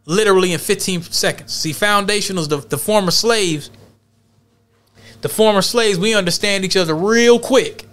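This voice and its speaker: A man's voice: high voice, normal speed, fairly bright tone. A man hosting a podcast, telling a workplace story in loose, rambling street slang. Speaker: podcast host. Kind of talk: casual commentary and storytelling.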